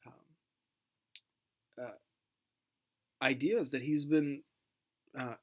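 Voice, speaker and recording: A man gives a history lesson in an easy, conversational voice, often stopping on fillers and starting his sentences over. His voice sits at an ordinary middle pitch, neither deep nor high. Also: steady tone. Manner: conversational with many fillers and restarts; reads a famous speech aloud in a measured voice. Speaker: teacher. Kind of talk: recorded history lecture.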